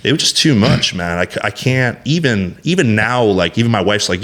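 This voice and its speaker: Man, thirties, low voice, podcast guest, blunt, profane, emphatic, rambling with restarts. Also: lively intonation, brisk, few pauses, fairly bright tone. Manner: blunt, heavy swearing, emphatic. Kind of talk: candid podcast conversation.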